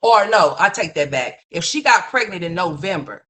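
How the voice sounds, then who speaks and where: A woman's voice: on the low side, expressive, moderate pace, fairly bright tone. A woman hosting a livestream, ranting in a blunt, mocking, profane gossip commentary full of rhetorical questions.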